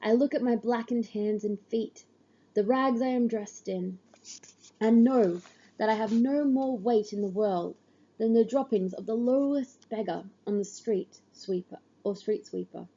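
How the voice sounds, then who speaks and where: A woman reading a literary story aloud in the first person, measured and grave, on a dull lo-fi recording. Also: a little high, warm tone, husky. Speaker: audiobook reader.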